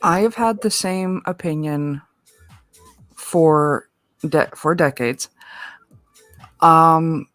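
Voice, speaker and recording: Woman, guest, casual chat, low voice, dry sound, opinionated, restarts often. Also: very slow, long pauses, a bit bright, dry recording, soft background music.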